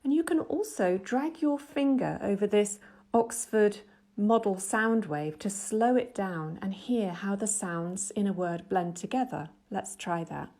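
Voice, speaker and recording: Woman in middle age, English teacher, calm instructional voice-over, clear and measured, patient. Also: medium pitch.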